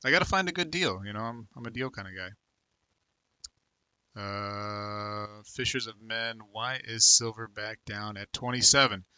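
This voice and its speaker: An American livestream host in his thirties has a lowish, smooth voice with a bright, forceful tone, and he speaks unhurriedly with no echo. He chats loosely with viewers, reading their comments aloud, addressing them by name, and rambling with plenty of fillers.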